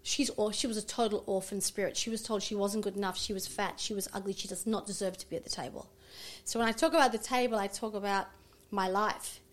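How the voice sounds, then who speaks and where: A middle-aged woman, a naturopath and guest on an interview show, telling stories in an animated way and acting out her family's voices. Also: mid-range voice, fast. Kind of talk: casual interview chat.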